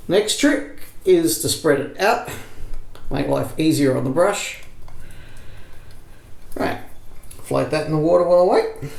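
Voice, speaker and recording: A man's voice: on the high side, darkish tone, roomy sound, low-quality recording. A man hosting a casual shaving demonstration, rambling with jokey self-mocking asides. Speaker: shaving video host.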